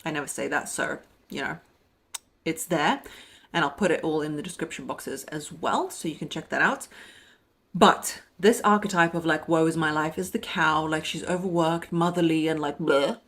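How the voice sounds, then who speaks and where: A young adult woman, heavily pregnant, giving relationship coaching in a lively monologue and acting out the lines she quotes. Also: moderate pace. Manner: animated, acts out quoted voices with pitch jumps.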